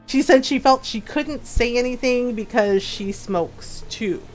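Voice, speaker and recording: A woman streamer with a fairly high voice chats casually, laughing often and acting out other people's voices as she tells her stories. Soft game music plays faintly behind her. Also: a little slow. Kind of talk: casual storytelling chat.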